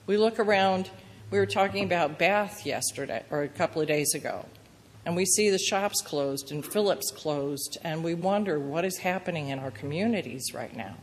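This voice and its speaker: A woman preacher giving a sermon in an earnest, gentle storytelling manner. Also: fairly low pitch, moderate pace, slight background noise. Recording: reverberant church hall.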